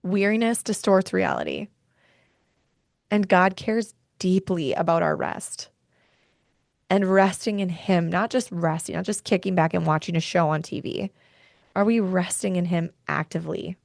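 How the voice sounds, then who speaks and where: A woman with a lowish, darkish voice hosts a faith and wellness podcast, speaking unhurriedly with vocal fry. She talks earnestly and from the heart, often getting worked up about her point. The studio-quality recording has no room sound.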